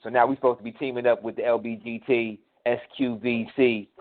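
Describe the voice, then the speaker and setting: A man's voice: mid-range voice, level tone, brisk. A man co-hosting a casual podcast, talking in a blunt, profane, rambling way. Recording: tinny phone line.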